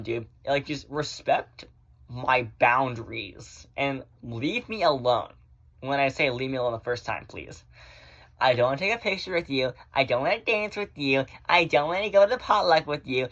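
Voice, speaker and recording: A man's voice: medium pitch, expressive, normal speed, a bit bright. A man ranting casually into his phone at home, blunt and sassy, with lots of fillers and swearing. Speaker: vlogger. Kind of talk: casual rant to camera.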